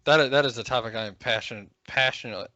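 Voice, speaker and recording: A man's voice: medium pitch, rapid-fire, sharp tone, no room sound. A man co-hosting a casual podcast chat, rambling with fillers and crude swearing. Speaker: podcast co-host. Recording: dry, dull podcast mic.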